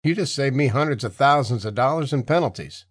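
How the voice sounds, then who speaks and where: A man voicing a calm, stubborn male logging contractor who talks dry and steady in an audiobook. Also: medium pitch, fairly quick, slightly rough, no echo.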